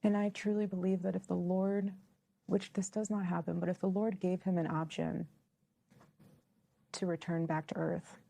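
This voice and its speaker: Woman guest, hushed half-whisper, dark mellow tone, gravelly edge. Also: lowish voice, little pitch movement, normal speed. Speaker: interview guest.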